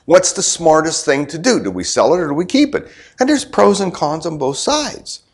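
A man's voice: fairly high pitch, sing-song, normal speed. A middle-aged man preaching a sermon in a conversational way, firing rhetorical questions at the congregation and tossing in joking asides. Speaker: pastor.

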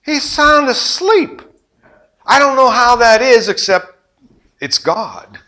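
A middle-aged pastor preaching with a high, bright voice that leaps all over its range. He tells the story dramatically, swinging from loud outbursts to hushed asides. His tone is sharp and forceful. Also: slow. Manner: animated storytelling, acting out voices and sound effects; swings between loud exclamations and quiet asides. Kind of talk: sermon.

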